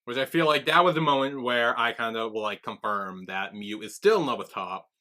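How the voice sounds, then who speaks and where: Guy podcast cohost, bright voice, recapping episode and doing the lines, laughs a lot. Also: medium pitch, fairly quick. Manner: retells scenes with quoted lines, laughing often. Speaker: podcast co-host. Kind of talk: casual recap chat.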